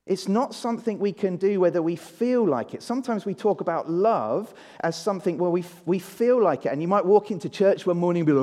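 A man's voice: high-pitched, brisk, few pauses, mellow. A man giving a children's talk in a church service, drawing the congregation in and having them repeat words with him. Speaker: preacher. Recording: long church reverb.

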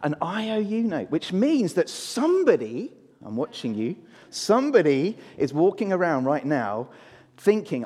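A man's voice: a little high, big pitch swings, a little slow, a little mellow. A man giving a children's talk in a church service, drawing the congregation in and having them repeat words with him. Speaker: preacher. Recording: long church reverb.

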